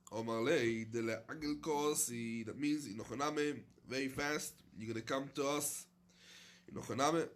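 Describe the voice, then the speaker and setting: A man's voice: medium pitch, fairly bright tone, a little hiss or hum. A man teaching a Talmud class, reading short Aramaic phrases and explaining each one in plain English. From London. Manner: reads Aramaic phrases then explains in English, with many fillers.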